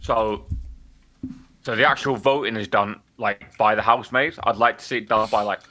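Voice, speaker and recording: A man's voice: on the low side, steady tone, normal speed, pushed and bright, a little hiss or hum. A young man co-hosting a podcast, talking bluntly in casual chat with lots of swearing and filler words. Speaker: podcast co-host.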